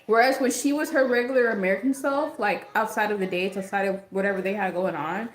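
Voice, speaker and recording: Fairly quick and mid-range, this young woman's voice carries a casual livestream she's hosting. Her chat is rambling, full of fillers and giggles, recorded in an echoey room.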